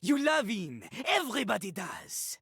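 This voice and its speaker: A man's voice: high-pitched, huge pitch swings, a little slow, gravelly, full character voice. An actor voicing a cocky, boastful male toilet character in a game, rapping in rhyme and hyping himself up.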